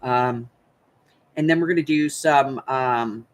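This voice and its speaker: A woman's voice: very deep voice, slow pace. An older woman from the United States hosting a crafting channel, chatting casually and rambling to her viewers while she thinks aloud.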